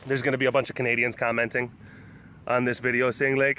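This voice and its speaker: A man's voice: mid-range voice, little pitch movement, fast, bright, forceful tone, clean tone, no echo. A man vlogging outdoors in a casual, rambling way, joking with many fillers and restarts, filming on a phone. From Texas. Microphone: phone held in hand.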